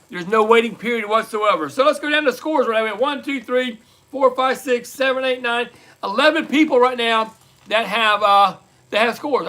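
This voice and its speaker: A man hosting a live online trivia night, reading out scores and repeating each question slowly, in casual chat. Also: very high-pitched, pushed and bright. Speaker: livestream trivia host.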